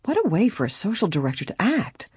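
A woman reading aloud plays a sharp young woman who speaks in indignant disapproval. The voice is close and dry, with a slightly husky edge. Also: a little high, sing-song, racing, no echo, pitched above the performer's own voice, heavily acted.

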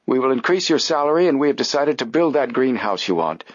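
A man voicing a stately, wealthy older gentleman making formal announcements in an audiobook. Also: medium pitch, sing-song, fast talker, no room sound, lo-fi sound, pitched above the performer's own voice. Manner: formal, declaring.

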